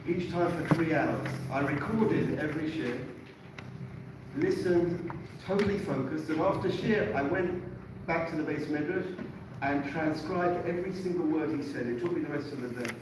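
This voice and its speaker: A man in his fifties from England gives an earnest, animated lecture, restarting phrases as he goes. His voice is somewhat high and sounds distant, with heavy echo and steady background noise in the room. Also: normal speed. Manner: earnest, animated, self-correcting repetitions. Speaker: teacher giving a Torah class. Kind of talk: lecture with personal storytelling. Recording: echoey room, far from mic, noisy.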